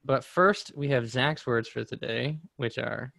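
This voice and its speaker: A man's voice: medium pitch, a little slow, creaky, a bit bright, dry recording, clean studio sound. Young man hosting with a slight lisp. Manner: jokey, laughs often. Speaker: podcast host. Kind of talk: casual chat.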